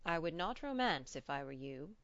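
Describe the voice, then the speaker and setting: A woman reading the part of a polite, gently teasing older male doctor in an audiobook, in a measured way. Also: low-pitched, big pitch swings, no echo, dull audio, heavily acted.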